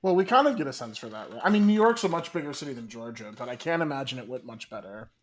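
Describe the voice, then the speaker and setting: A man with a mid-pitched voice co-hosting a casual podcast from his studio apartment. He jokes drily and teases his co-hosts. He is heard over a remote call. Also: lively intonation, quick pace. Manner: dry, joking. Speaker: podcast co-host. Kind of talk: casual chat. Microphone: recorded remotely over a call.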